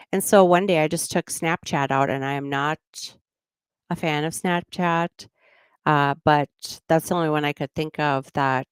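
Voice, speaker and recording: A woman's voice: low voice, smooth, no room sound, clean studio sound. A middle-aged woman hosting a true crime channel, chatting casually and rambling with frequent laughs. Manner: rambling, laughs often, slips into goofy voices. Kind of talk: casual livestream chat.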